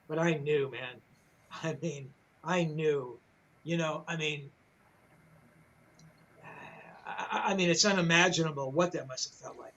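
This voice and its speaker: A man's voice: a little high, moderate pace, a bit bright, poor audio. An older man, a rock journalist, telling a backstage story in casual, rambling talk, full of swearing, fillers and restarts.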